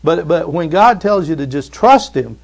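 A man preaching a sermon in a conversational way, retelling scripture and rising to loud emphatic bursts. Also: a little high, expressive, normal speed, gravelly. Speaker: pastor.

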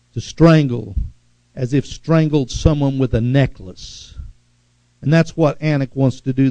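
A man's voice: a little high, dry recording, low-quality recording. Emphatic male preacher, dry sound. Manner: emphatic, swelling to loud exhortation. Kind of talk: sermon.

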